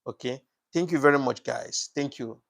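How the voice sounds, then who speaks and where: A man's voice: mid-range voice, moderate pace, vocal fry. A man hosting a casual live broadcast, thanking viewers by name and preaching passionately about politics, with many fillers and repeats. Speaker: live-stream host.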